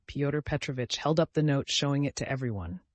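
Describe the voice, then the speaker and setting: A man narrating a classic novel in a measured, dramatic reading. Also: medium pitch, no echo. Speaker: audiobook narrator. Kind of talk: scripted narration.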